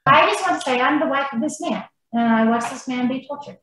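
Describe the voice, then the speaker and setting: A woman guest on an interview podcast, telling a personal story in an animated way and acting out what people said. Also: high voice, brisk, very echoey, rough recording.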